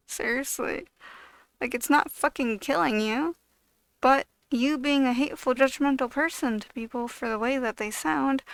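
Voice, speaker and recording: A woman with a high voice, gravelly fry running through her words, rants bluntly and swears constantly. Her tone is smooth and clear in a dry, close space, and her speech is loose and full of fillers. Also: no echo. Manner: blunt, heavily profane, exasperated ranting; loose, filler-heavy delivery with frequent "like". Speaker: video creator. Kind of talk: ranting vlog monologue.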